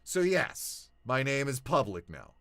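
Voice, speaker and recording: Young man, casual vlog chat, animated, lively pitch, dry close mic. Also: unhurried, no echo. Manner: animated, swinging from low mutters to excited shouts. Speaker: voice actor.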